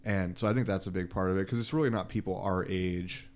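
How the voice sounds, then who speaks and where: A young man co-hosting a casual podcast, relaxed and jokey, often saying "like". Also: sits low, quick pace. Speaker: podcast co-host, small business owner.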